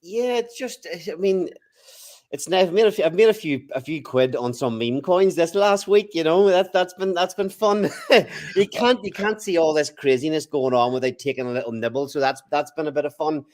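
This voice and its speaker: An Irish man from Ireland, a game developer guest in a casual interview chat, easygoing and quick to laugh. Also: a little high, darkish tone.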